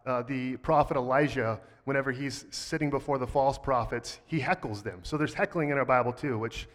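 A man preaching a sermon, talking in a relaxed, conversational way with a playful, sarcastic streak, and reading scripture aloud. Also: medium pitch, brisk, in a large hall. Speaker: pastor.

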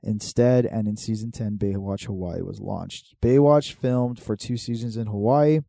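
A man's voice: on the low side, normal speed, gravelly, warm tone, no room sound. A young man co-hosting a podcast in casual, laid-back chat, swearing freely and reading aloud from notes. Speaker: podcast co-host.

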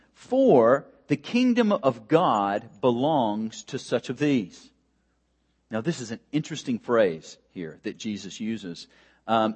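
A man's voice: mid-range voice, darkish tone, husky. A male pastor preaching a sermon in a conversational way, with many fillers and restarts.

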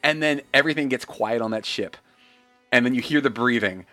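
A man's voice: mid-range voice, brisk, soft background music. A man chatting casually, telling stories with lots of laughter and acted-out quotes. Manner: animated, laughing storyteller, acts out quotes. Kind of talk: casual chat.

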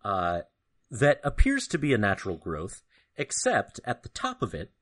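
A man acting as game master narrates a tabletop game, slow and halting, with many fillers. His voice is on the low side and slightly rough, with huge pitch swings.

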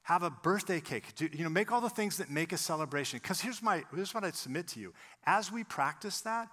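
Preaching a sermon, a pastor with a voice that sits high tells a story at a slightly fast pace. He is an animated storyteller who acts out the voices of the people in it.

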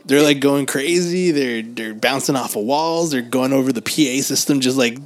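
A man's voice: mid-range voice, normal speed. A man telling workplace stories in casual chat, laughing often and restarting his sentences.

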